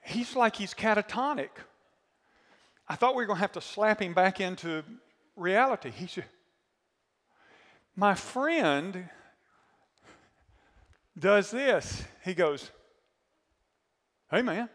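A man preaching a sermon as pastor, telling a story with animated asides and questions to the congregation, his voice a little worn. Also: high voice, slow pace, long pauses, long reverb tail. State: voice worn from screaming.

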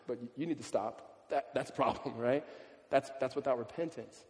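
Conversational preacher in a reverberant hall. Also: male voice, medium pitch, a little fast, darkish tone. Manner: conversational, often asks "right?" and repeats words. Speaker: pastor. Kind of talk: sermon.

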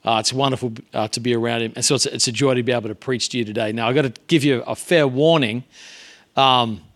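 A man's voice: medium pitch, steady tone, fast talker, fairly bright tone. Male guest preacher, mid-range voice, earnest and conversational, loose delivery with fillers. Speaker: guest pastor. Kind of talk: sermon. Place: church sanctuary.

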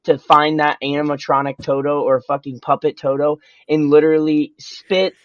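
Flat-voiced man on a dull mic. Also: fairly high pitch, moderate pace, a little hiss or hum. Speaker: podcast co-host. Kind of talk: casual profane fan chat.

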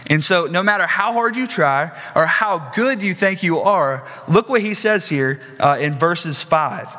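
Male pastor, bright, slightly high voice, chatty sermon delivery, long hall reverb. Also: lively intonation, measured pace. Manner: conversational preaching with asides and questions to the congregation.

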